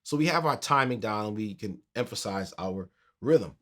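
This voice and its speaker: A man teaching a keyboard tutorial in a relaxed, conversational way, counting beats aloud as he plays. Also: lowish voice, normal speed. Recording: piano music under the voice.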